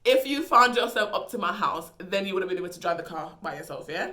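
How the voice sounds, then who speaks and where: A woman's voice: fairly low pitch, lively intonation, quick pace, bright, forceful tone. A young woman vlogger telling a story in a casual, dramatic, slangy way. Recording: echoey room.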